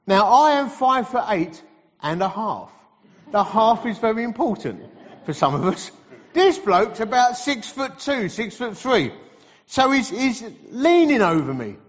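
A middle-aged man, preaching a sermon as a lively, humorous storyteller in a large hall. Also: high voice, unhurried. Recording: reverberant hall, slightly dull sound.

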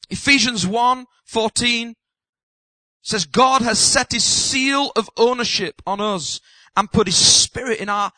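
A man, a pastor, preaching an impassioned sermon that builds to loud emphatic peaks and slows on key words. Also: high voice, dry recording.

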